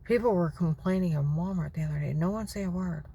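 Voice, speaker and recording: Gravelly woman ranting indignantly. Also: fairly low pitch, fast, dark tone. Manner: rambling and indignant, often dropping to a whisper. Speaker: vlogger. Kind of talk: aggrieved personal monologue.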